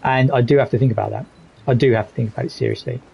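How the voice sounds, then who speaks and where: A man's voice: medium pitch, steady tone, rapid-fire, vocal fry, breathy edge, lo-fi sound. A man live streaming a game, talking candidly and reflectively while reading chat messages aloud. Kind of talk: casual gaming stream commentary.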